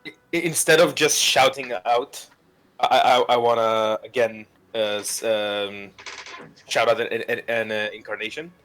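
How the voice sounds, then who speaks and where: A man's voice: lowish voice, fairly even intonation, unhurried, a bit bright. A man playing a tabletop game online, joking playfully with hesitant fillers. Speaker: player. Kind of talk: casual tabletop game chat.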